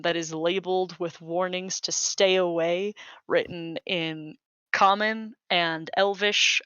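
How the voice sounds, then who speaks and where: A woman narrating a tabletop game as game master, describing scenes unhurriedly with frequent 'um' pauses. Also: lowish voice, a bit bright, smooth, no echo. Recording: dull lo-fi dry recording.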